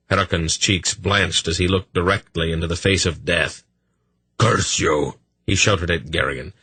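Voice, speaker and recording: A man narrating a fantasy audiobook in a measured, steady storytelling manner. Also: sits low, slightly rough, no room sound.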